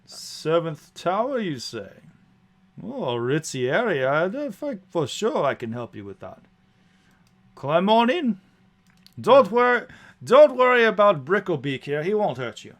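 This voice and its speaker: A man's voice: sits high, very animated, a little slow, voice pushed up, full character voice. A man voicing a chatty, sleepless male sky coach driver who rambles and reassures. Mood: jovial. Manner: rambling, jovial, overly reassuring.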